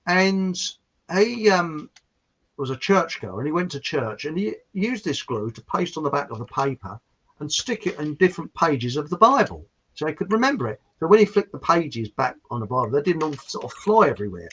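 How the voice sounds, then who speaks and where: Southern english guy rambling through stories on a call, husky voice, goes up and down a lot, muffled audio. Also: on the high side, moderate pace. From southern England. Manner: chatty storyteller, animated. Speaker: guest. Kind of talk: casual chat on a video call. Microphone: video call.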